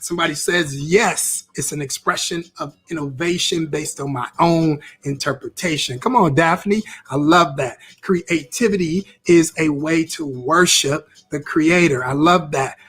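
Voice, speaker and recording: A man's voice: fairly high pitch, fairly bright tone, slightly rough. A man teaching a live-streamed interactive class on creativity, upbeat, repeating phrases as he reacts to viewer comments.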